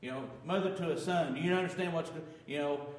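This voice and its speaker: A man preaching a sermon as pastor, swinging between loud emphasis and quiet asides. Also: a little high, fast. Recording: echoey hall reverb.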